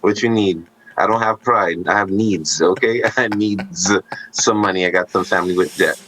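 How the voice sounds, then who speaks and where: A man co-hosting a podcast, telling stories in casual conversation with animated asides and jokes. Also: sits low, moderate pace, slight background noise, poor audio. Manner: animated storytelling, joking asides.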